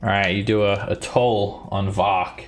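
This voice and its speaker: A man's voice: on the low side, little pitch movement, a little slow, over music. A man narrating a tabletop role-playing game as its dungeon master, with vivid descriptions.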